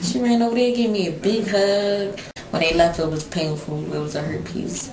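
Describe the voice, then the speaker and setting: A woman's voice: medium pitch, fairly even intonation, moderate pace, a little mellow. A woman speaking as an incarcerated mother in a documentary interview, telling her story plainly and with feeling. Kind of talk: documentary interview, casual talk. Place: prison. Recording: echoey room with crowd behind.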